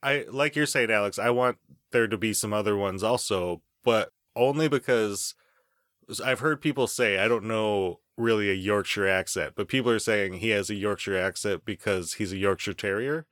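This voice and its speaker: A man with a fairly low voice chats casually on a podcast, animated and quick to laugh, swearing offhandedly. The sound is dry and close, with no room around it. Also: no room sound. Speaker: podcast host.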